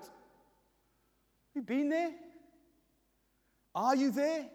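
A middle-aged man delivers a sermon in a strikingly high voice. He acts out heartfelt prayers with real feeling. His words ring out through a hall with a long echo. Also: big pitch swings, takes it slowly, pauses often, a little mellow. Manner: emotional, voicing prayers aloud with rising intensity. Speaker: pastor.

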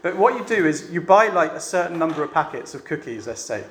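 A man's voice: on the high side, very animated, quick pace, fairly bright tone, a little hiss or hum. A man preaching a sermon to a church meeting in a chatty way, often asking the room rhetorical questions. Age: adult with a family. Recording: echoey room with faint ambience.

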